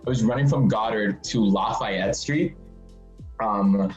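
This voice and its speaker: A man's voice: slow pace, roomy sound, highs cut off, soft background music. A young man, a university student, casually telling a funny story and acting out the voices of the people in it. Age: young adult. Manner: animated, acts out voices in high pitch. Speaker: student panelist.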